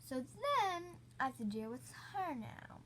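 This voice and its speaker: Slow-talking woman telling a story. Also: sits high, sing-song, fairly bright tone, a little hiss or hum. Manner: rambling, heavy use of "like". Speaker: storytime channel host. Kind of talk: casual storytime.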